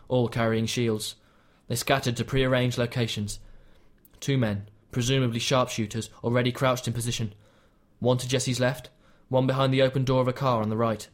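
A man narrates a novel in a measured, steady storytelling voice. His pitch sits in an ordinary middle range, and he keeps an even delivery throughout the narration. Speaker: audiobook narrator. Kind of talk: scripted narration.

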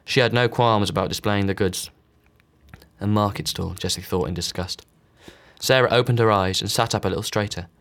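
A man reads a novel aloud in a low, steady voice. He gives each character only a slight change of voice. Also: moderate pace. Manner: reads all characters with small voice shifts. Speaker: audiobook narrator. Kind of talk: scripted narration.

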